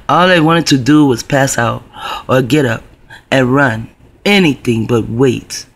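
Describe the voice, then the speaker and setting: A man's voice: mid-range voice, measured pace. A man telling a personal story to camera in a rambling, profane, conspiratorial way. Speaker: video blogger.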